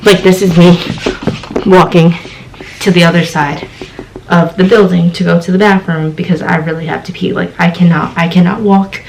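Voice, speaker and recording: Dramatic woman with a gravelly edge. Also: fairly even intonation, normal speed, darkish tone, a little hiss or hum, low-quality recording. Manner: dramatic, acts out her own lines with big pitch jumps. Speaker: storytime vlogger. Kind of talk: animated storytelling to camera.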